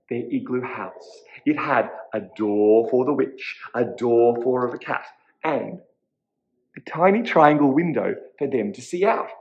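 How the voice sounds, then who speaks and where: A man, a teacher reading a children's story aloud in an animated, expressive way. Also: mid-range voice, measured pace, highs cut off.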